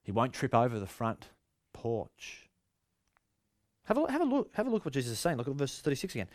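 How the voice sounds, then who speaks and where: A man's voice: medium pitch, huge pitch swings, a little fast, a little mellow, no room sound, clean studio sound. A male pastor with an Australian accent, giving a sermon in a conversational, storytelling way with frequent restarts.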